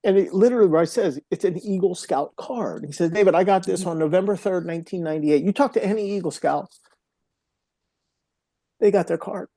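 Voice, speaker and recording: A high-pitched middle-aged man, guesting on a podcast as a mental health speaker, recounts personal experiences at a fairly quick clip. He tells them earnestly and with emotion, now and then going hushed, with no room sound in the recording.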